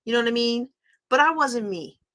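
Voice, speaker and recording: A middle-aged woman talks candidly to her viewers on a livestream. Her voice sits a little high and sounds bright and forceful. She speaks with open emotion in a casual way. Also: animated, a little fast. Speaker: host.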